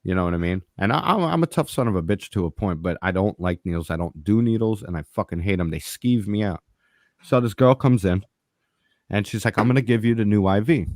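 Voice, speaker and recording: A man with a fairly low voice spins a story in casual podcast chat. He swears freely and acts out each exchange of dialogue with lively energy. The sound is dry and close, with no room around it. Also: a little fast, no echo. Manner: profane, animated, acts out dialogue. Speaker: podcast co-host.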